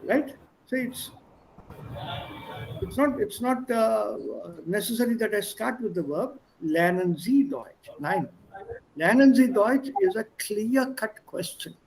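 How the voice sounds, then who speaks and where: High-voiced man teaching German. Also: lively intonation, slow, vocal fry, poor audio. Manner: explanatory, mixes English, German and Hindi. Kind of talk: online language lesson. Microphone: video call.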